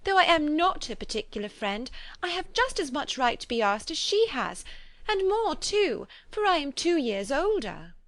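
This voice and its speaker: Woman narrator putting on a whiny jealous teen girl from a period audiobook, high-pitched and peevish, stretching her words out as she complains. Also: expressive, moderate pace, few pauses, a bit bright, no room sound. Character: peevish whining teenage girl, jealous sister.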